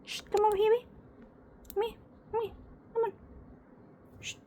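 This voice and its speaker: A woman's voice: very high-pitched, flat delivery, normal speed, mellow, slight background noise, rough recording. A woman with a Filipino accent, talking baby talk to her pet birds in a cooing, sing-song way.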